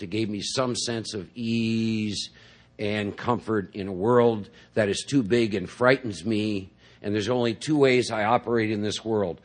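Husky middle-aged man telling his story. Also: fairly low pitch. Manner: rambling storytelling, frequent "you know" and "see?". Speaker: speaker at a recovery meeting. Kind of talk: personal recovery talk to a group. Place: in front of a large audience.

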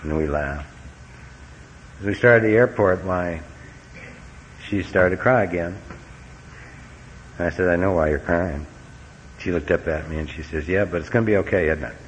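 Middle aged guy, low voice, folksy storytelling talk, muffled old tape w/ a bit of hiss. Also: moderate pace, pauses often. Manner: folksy, earnest, wry humor. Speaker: recovery meeting speaker. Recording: dull lo-fi recording with faint hiss.

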